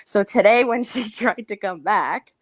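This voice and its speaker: A woman's voice: medium pitch, a little slow, breathy edge, dry recording, studio quality. A woman in casual chat, telling a gossipy story with lots of laughter and acted-out quotes.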